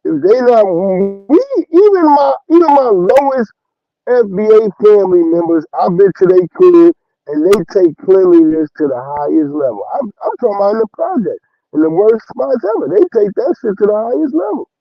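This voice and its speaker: A man with a high-sitting voice hosts a livestream at a normal speed, offering loose, profane casual commentary. He's an animated storyteller who breaks into bursts of laughter, and the audio is dull with no echo.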